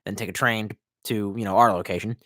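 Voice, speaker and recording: A man's voice: fairly low pitch, steady tone, fairly quick, fairly bright tone, no room sound, clean studio sound. A young man chatting casually on a live stream, reading comments aloud and rambling with lots of swearing while a bit tipsy from wine. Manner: rambling, profane, reads chat aloud.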